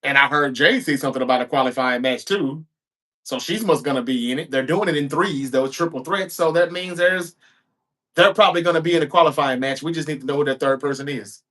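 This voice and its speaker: A man's voice: a little high, brisk, fairly bright tone. A man hosting a show, recapping a wrestling episode in a casual, chatty way with offhand asides.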